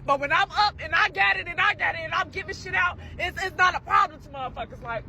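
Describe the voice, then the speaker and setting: A man's voice: very high-pitched, quick pace, creaky, pushed and bright, some chatter behind. A man venting bitterly to camera, weary and swearing.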